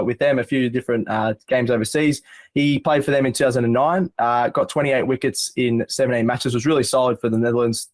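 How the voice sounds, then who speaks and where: Australian male podcast host, rapid chatty delivery, dry close sound. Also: medium pitch, no echo. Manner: fast, chatty, laughs often. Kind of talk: casual sports podcast chat.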